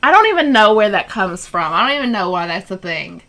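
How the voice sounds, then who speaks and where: A woman's voice: mid-range voice, big pitch swings, fairly quick, over a noisy crowd. A woman co-hosting a casual game stream with friends, giggly and flustered as she keeps refusing. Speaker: streamer co-host. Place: home streaming room.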